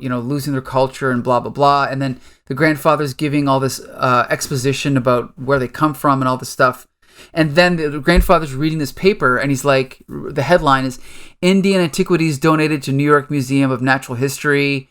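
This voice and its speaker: A man's voice: mid-range voice, fairly bright tone, clean tone. A man hosting a podcast, recapping a story in a loose, rambling casual chat. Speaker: podcast host.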